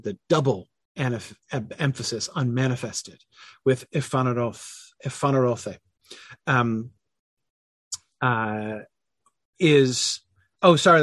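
A man's voice: medium pitch, fairly bright tone, husky, no room sound. A man leading a casual online Bible study, thinking aloud with many fillers and self-corrections and answering chat comments.

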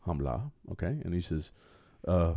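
A man's voice: medium pitch, fairly quick, no echo, studio quality. A man from Florida telling a story on a podcast, acting out both sides of the conversation. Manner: animated storyteller, acts out dialogue. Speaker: podcast co-host. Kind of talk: casual storytelling chat.

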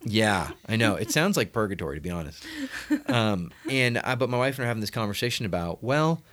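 Animated, joking middle-aged man host. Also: fairly low pitch, fast. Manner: chatty, joking, animated storyteller. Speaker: podcast host. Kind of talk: casual chat.

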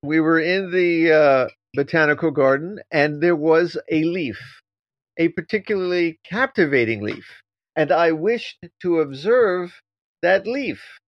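A man who teaches Zen, co-hosting a casual podcast discussion and talking in an animated, playfully teasing way. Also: on the high side, unhurried, no echo. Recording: dull, dry lo-fi sound.

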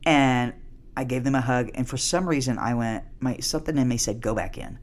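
A woman's voice: very deep voice, a little fast. A middle-aged woman and comedian, a podcast guest telling rambling, profane stories with many restarts in a casual interview.

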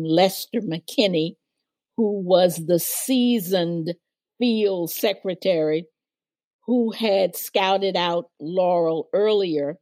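A woman's voice: fairly low pitch, a little mellow, dry recording. An older woman, a guest on an interview, vividly recounting her past and acting out the people she quotes. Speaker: guest, former civil rights organizer. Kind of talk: storytelling interview.

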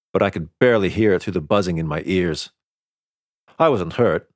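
Brief: male audiobook narrator, deep voice, dry close recording, steady first-person telling. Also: no room sound.

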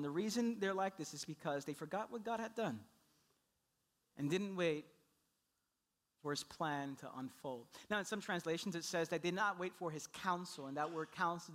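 A man delivers a sermon in a notably high voice with a bright, forward tone. He tells the story with animated energy, slipping into quick voices for the characters he quotes. His pitch climbs high when he gets emphatic and drops low when he slows down. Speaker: pastor.

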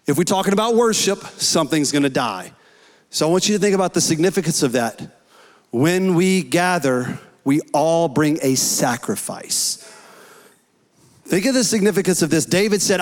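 A man preaching a sermon, earnest and rising to shouts in prayer. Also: a little high, lively intonation, normal speed. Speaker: pastor. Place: church hall. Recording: long hall reverb.

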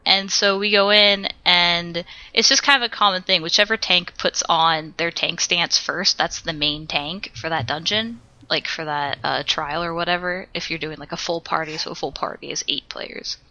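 A woman co-hosting a casual podcast, talking in a bright, forward tone. She rambles through a story, laughs easily and swears when she acts out what she said. The sound is close and dry. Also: fairly low pitch, fairly even intonation, normal speed, few pauses, no room sound, lo-fi sound. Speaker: podcast co-host. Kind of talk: casual chat.

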